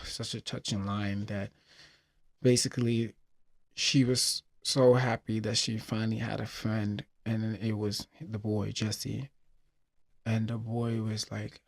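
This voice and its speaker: A man's voice: medium pitch, darkish tone. A man hosting a personal podcast, retelling a film with emotion and many fillers. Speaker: podcast host. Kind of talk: casual personal talk.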